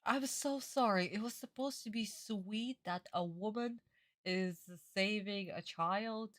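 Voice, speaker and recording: A young woman streamer reacting casually, blunt and swearing, easily excited. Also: medium pitch, slow, dry recording, clean studio sound.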